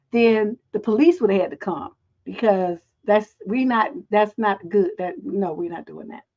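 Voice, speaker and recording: A middle-aged woman hosting a relationship advice livestream, telling stories in a blunt, profane, animated way. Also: on the high side, lo-fi sound.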